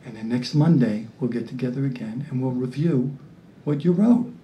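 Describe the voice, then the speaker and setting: A comedian putting on a hushed, hesitant male therapist who mumbles low and half-whispers with many pauses. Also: distant mic, slight background noise, lightly acted. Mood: soothing. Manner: slow, hesitant, lots of uh. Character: sleepy hushed male therapist in a dark room.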